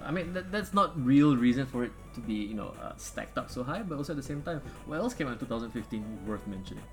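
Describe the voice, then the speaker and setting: A man's voice: medium pitch, animated, fast, soft background music. A man co-hosting a podcast, chatting casually about films, rambling and swearing with frequent laughs. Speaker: podcast co-host.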